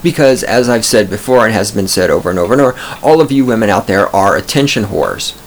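A podcast host in a studio booth, a man with a fairly low voice, talks fast with lively intonation over a slight hiss or hum. He rambles through comic stories, swearing, wandering off on tangents and amusing himself.

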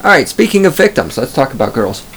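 A podcast host rambles through a profane, digressive comic monologue from a studio booth, clearly amused by his own stories. He talks fast in a mid-range, sing-song, somewhat bright voice, with a little hiss or hum in the audio.

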